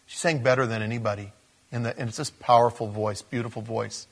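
A man preaching a sermon, telling a story that jumps between hushed asides and loud, emphatic high points. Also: flat delivery, moderate pace, creaky, pauses often. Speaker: pastor.

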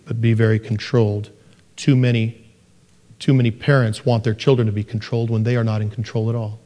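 A middle-aged man preaching a sermon, animated and joking, who mimics parents in a soft sing-song voice. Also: lowish voice, a little fast. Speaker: pastor. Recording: long hall reverb.

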